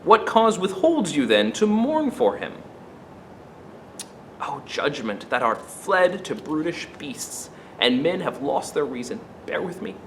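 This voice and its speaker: A man voicing a grieving Roman orator, reciting his funeral speech in a soft, measured way. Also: on the high side, big pitch swings, a little hiss or hum, full character voice, rough recording. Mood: hushed, persuasive. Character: grieving Roman orator, male, quietly persuasive.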